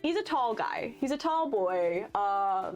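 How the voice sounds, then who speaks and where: A woman narrating a tabletop game as game master, relaxed and filler-heavy. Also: medium pitch, takes it slowly, faint music behind.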